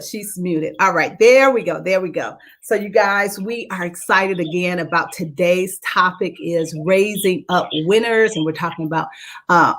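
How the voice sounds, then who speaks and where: Chatty woman co-hosting live radio. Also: mid-range voice. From Detroit. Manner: warm, chatty, juggling tech while greeting viewers. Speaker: co-host of a radio talk show. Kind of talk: live talk show chat.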